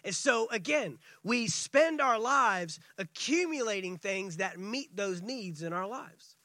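Man preaching a sermon, high voice, acts out scripture dialogue, dry close sound. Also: slow, dry recording. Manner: preaching, shifts between excited and hushed delivery. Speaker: pastor.

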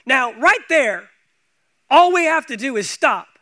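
A man preaching a sermon as pastor, emphatic and repetitive, swinging from hushed lines to loud ones. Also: very high voice, sing-song, slow pace. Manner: emphatic, swings from quiet to loud, repeats phrases.

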